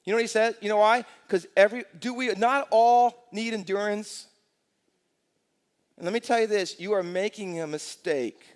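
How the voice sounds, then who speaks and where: A man in his sixties, a pastor preaching a lively sermon in a church, telling stories and asking the congregation rhetorical questions. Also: high voice. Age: 60s. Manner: energetic storytelling with rhetorical questions. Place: church sanctuary. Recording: long church hall reverb.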